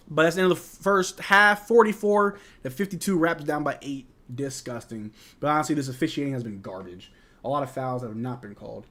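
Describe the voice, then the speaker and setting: Hosting a live game watch-along, a young American man with a medium-pitched, fairly bright voice reads chat questions and reacts to each play. He sounds like a frustrated fan, chatting in a casual, slang-heavy way.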